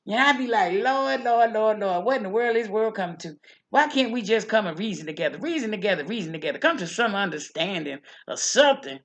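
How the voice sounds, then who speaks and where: A woman's voice: medium pitch, expressive, fairly quick, lightly acted. Lady doing a chatty old church lady, folksy and preachy, keeps repeating herself. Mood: folksy preaching. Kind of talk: character monologue.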